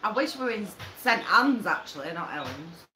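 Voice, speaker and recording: A tipsy woman with an Oldham accent, giggling through lively banter as a co-host. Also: medium pitch, normal speed. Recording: roomy echo with clear background noise.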